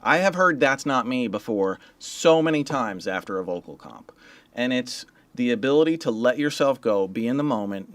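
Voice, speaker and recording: A man's voice: medium pitch, dry recording. A man hosting a livestream as a mixing engineer, talking in a loose, chatty way with slang and the odd swear word. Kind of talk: casual livestream teaching.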